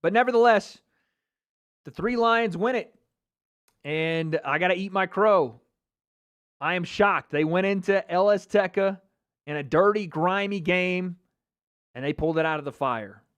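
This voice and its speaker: Excitable American man, high and clear. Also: measured pace, long pauses. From United States. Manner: excitable, swearing, bursts into shouts. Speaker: YouTube host. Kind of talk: live match reaction commentary.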